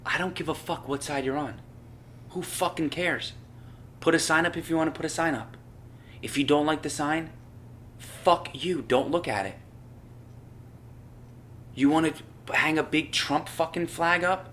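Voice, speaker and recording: A young adult man rants on a casual podcast, cursing freely and getting fired up as he goes. His voice is bright and forceful, with a light hiss of background noise. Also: a little high, unhurried, long pauses. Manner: profane, ranting, gets worked up. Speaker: podcast co-host.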